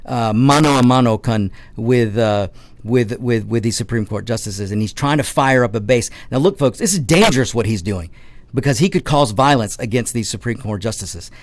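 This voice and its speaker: A man with a medium-pitched voice hosts a political talk radio show, ranting passionately with frequent restarts and stammers. The recording is dry.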